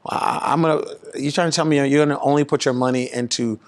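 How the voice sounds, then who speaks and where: A pastor talking in an animated, preaching-style way, rising in pitch and volume to drive his points home. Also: fast. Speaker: pastor and guest speaker.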